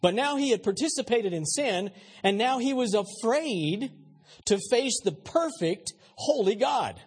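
A man's voice: extremely high pitch, expressive, measured pace, breathy edge. A male pastor preaching a sermon, emphatic and questioning his audience, with frequent repeated words.

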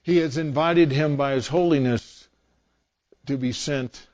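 A man's voice: on the high side, a little slow, darkish tone. A man preaching a sermon in a storytelling way, acting out scenes with different voices.

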